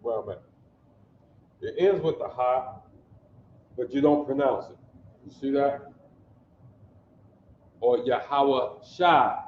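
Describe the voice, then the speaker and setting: Slow, echoey man teaching a class. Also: mid-range voice, a little hiss or hum. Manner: slow, repetitive, checks understanding often. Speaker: language teacher. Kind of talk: classroom language lesson. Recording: echoey room, dull lo-fi sound.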